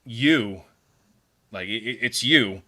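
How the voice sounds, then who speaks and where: A man voicing a defiant, scornful young woman prisoner in a casual retelling, with a flat delivery and stumbling repeats. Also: on the low side, slow pace, exaggerated voice. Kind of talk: casual retelling of a story pitch.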